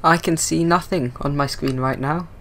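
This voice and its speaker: A man's voice: a little high, steady tone, moderate pace, fairly bright tone. A man giving dry, self-mocking let's-play commentary as a gaming YouTuber.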